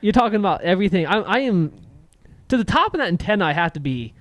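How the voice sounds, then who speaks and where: A man's voice: high voice, sing-song, quick pace, fairly bright tone, dry recording. A young man co-hosting a podcast in casual chat, joking and laughing often. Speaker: podcast co-host.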